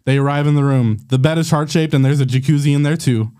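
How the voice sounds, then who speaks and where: A man's voice: on the high side, fast, mellow, clear, resonant tone. A man hosting a podcast, reading fan fiction aloud in a playful way and often breaking into laughter. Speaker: podcast host.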